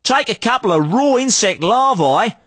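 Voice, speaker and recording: A brash Australian market hustler in a video game, a high and bouncy voice that swings all over, a husky edge, pitching junk with chummy patter. The read is dry and close. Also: male voice, animated, normal speed, a bit bright, dry recording, exaggerated voice. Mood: hustling. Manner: chummy salesman patter, calls everyone mate. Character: pushy male outback street trader, cheerful huckster.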